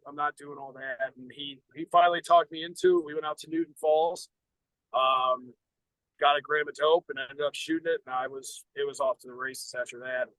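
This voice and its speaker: A middle-aged American man tells a personal story on a podcast, bluntly and full of profanity, circling back and restarting his sentences. His voice sits a little higher than most men's. The sound is dry and close, with no room behind it. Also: fairly even intonation, brisk, fairly bright tone, no room sound, rough recording. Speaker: podcast co-host. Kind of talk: casual storytelling.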